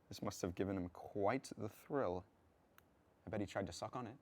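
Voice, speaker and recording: A man's voice: on the low side, moderate pace, natural voice. An actor playing a vain, scheming young man who speaks smugly and with theatrical disdain, in a comedic student film.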